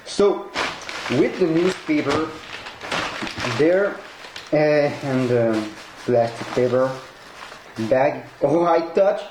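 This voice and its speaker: Man, non-native English speaker, hosting an excitable home unboxing vlog; talks slowly, swears and laughs a lot; roomy, noisy recording. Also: a little high. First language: not English. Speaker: collectibles unboxer. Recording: echoey room with noisy background.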